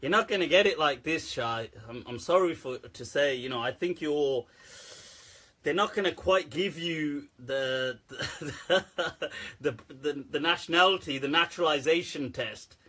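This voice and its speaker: Laughing, teasing man with a husky voice. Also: on the high side, a little slow, sharp tone. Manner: laughs a lot, joking and teasing. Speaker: host of a live Islamic Q&A show. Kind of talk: casual live-stream chat.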